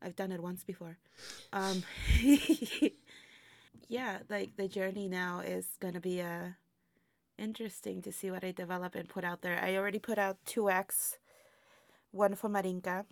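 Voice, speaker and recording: A woman speaks with a gravelly, slightly fried texture, reflecting in a relaxed interview and breaking into laughs between thoughts. The sound is dry and close, with no room around it. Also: mid-range voice, a little slow, no echo. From immigrant to the United States. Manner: reflective, laughs often, many fillers. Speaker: burlesque performer, guest. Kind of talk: casual interview chat.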